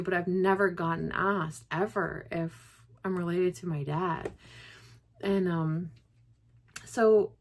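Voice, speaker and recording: A young woman vlogging to camera while grieving, talking in a rambling way with many likes and restarts, close to tears. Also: mid-range voice. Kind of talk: casual personal vlog.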